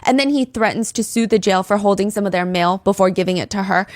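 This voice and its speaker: A woman's voice: medium pitch, fast talker, no room sound. A woman hosting a podcast, telling a true-crime story with blunt, sarcastic commentary into a close mic. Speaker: podcast host.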